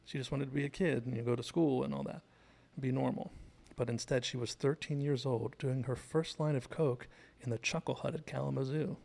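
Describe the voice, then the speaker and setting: A man hosts a casual scene-by-scene breakdown of a TV episode, recapping the plot and drifting into asides. His middle-range voice has a steady gravelly fry. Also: mid-range voice, fairly quick. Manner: chatty and digressive, retells scenes. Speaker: TV show analysis host.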